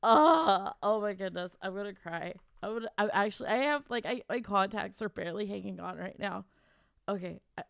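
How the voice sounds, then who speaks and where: A woman's voice: medium pitch, vocal fry, no room sound, studio quality. A woman livestreaming, chatting emotionally and on the verge of tears, rambling and stammering through restarts. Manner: emotional, tearful, giddy rambling. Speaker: author and streamer. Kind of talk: casual livestream chat.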